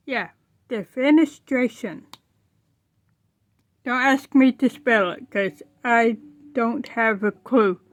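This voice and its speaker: A woman's voice: fairly high pitch, slow, dry recording. A woman telling a funny story in a casual way, giggling and laughing often.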